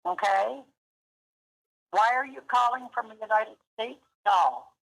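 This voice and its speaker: A woman's voice: a little high, a little slow, gravelly, fairly bright tone, slightly rough. A woman on a phone call giving short, polite, puzzled answers. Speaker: prank call target. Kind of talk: phone conversation.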